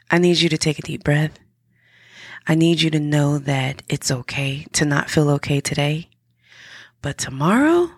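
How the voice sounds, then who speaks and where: A woman's voice: low voice, vocal fry, no room sound, clean studio sound. A woman hosting a podcast, talking through an earnest, encouraging motivational monologue with frequent restarts. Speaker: podcast host.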